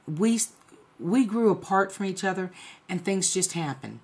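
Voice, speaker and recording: A woman's voice: mid-range voice, measured pace, slightly rough. Blunt, profane middle-aged woman storyteller. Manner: blunt, profane, animated retelling. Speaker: vlogger. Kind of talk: casual storytelling to camera.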